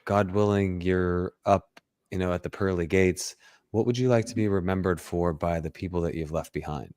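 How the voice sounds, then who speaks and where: A man's voice: sits low, moderate pace, darkish tone, no room sound, clean studio sound. A man hosting a podcast, chatting casually with a guest and affirming him, with frequent fillers. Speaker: podcast host. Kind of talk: casual interview chat.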